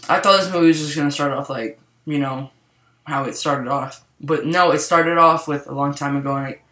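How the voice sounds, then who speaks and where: Excitable young man, echoey room. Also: fairly high pitch, fairly quick. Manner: excitable, rambling, lots of fillers. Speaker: movie reviewer. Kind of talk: casual spoiler review.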